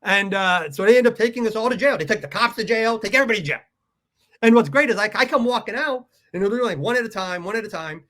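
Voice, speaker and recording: A Southern California man guesting on a podcast tells a story casually, swearing freely, laughing at his own anecdotes, and performing other people's lines in character voices. His voice is high, fast, bright, and forceful, with lively intonation.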